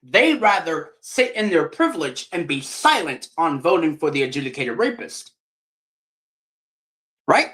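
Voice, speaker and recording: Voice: medium pitch, sing-song, unhurried, long pauses, a bit bright. A streamer in a heated, profane political rant who keeps asking rhetorical questions. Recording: roomy echo.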